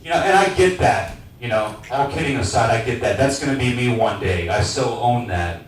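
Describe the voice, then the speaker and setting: Loud crude 40ish guy doing standup, super echoey room, a bit far off the mic. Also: mid-range voice, expressive, brisk, slight background noise. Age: 40s. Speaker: stand-up comedian. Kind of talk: stand-up comedy set. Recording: echoey venue miked from a distance.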